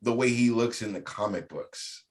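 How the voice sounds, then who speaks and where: A man's voice: medium pitch, normal speed, a loud crowd. A man co-hosting a casual podcast, joking, interrupting and swearing a lot. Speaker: podcast co-host. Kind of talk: casual chat.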